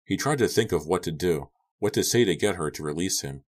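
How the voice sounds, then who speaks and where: Reading a young-adult horror novel aloud, a male audiobook narrator uses a very deep, subdued voice and a measured pace. Between the characters' outbursts his tone stays even, as befits scripted narration.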